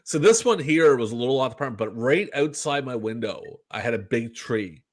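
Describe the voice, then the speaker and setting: A man from Canada co-hosting a podcast in casual chat, animated and swearing, acting out little exchanges with quoted voices. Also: medium pitch, brisk. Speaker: podcast co-host.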